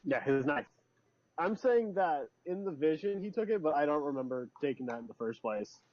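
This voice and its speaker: A man's voice: on the high side, expressive, normal speed. Guy playing a tabletop game, jokey, trips over his words a bit, muffled lo-fi sound. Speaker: player. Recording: dull lo-fi sound.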